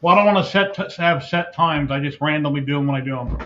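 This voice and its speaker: Man, podcast host, casual chat, slightly high voice, dull lo-fi sound with faint hiss. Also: fast talker, pushed and bright. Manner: chatty, talks to the live chat.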